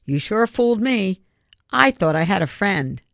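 A narrator voicing a gruff, suspicious retired miner in his old age, growling his lines. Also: mid-range voice, big pitch swings, unhurried, fairly bright tone, dry recording, studio quality, pitched above the performer's own voice, exaggerated voice.

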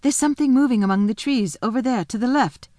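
A woman's voice: fairly high pitch, quick pace, warm tone, dry recording, studio quality, pitched above the performer's own voice, natural voice. A woman reading a storybook voices a sensible, cautious older girl. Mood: watchful.

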